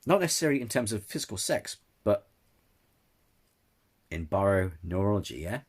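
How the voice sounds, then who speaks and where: A man with a husky, slightly low voice rants in a casual opinion video. He trips over words, restarts his sentences and keeps apologizing before charging on again. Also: sing-song, moderate pace. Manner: ranting, frequent restarts and apologies. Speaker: channel host. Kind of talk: casual opinion rant to camera.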